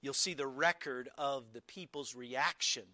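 Slow, bright-voiced emphatic male preacher. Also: medium pitch, no room sound. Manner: emphatic, slow and deliberate, with verbal restarts. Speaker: pastor. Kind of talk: sermon.

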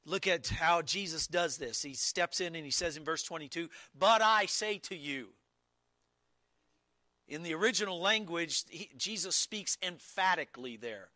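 A man preaching a sermon, explaining scripture in an emphatic, deliberate way with occasional restarts. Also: on the high side, expressive, sharp tone, no room sound. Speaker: pastor.

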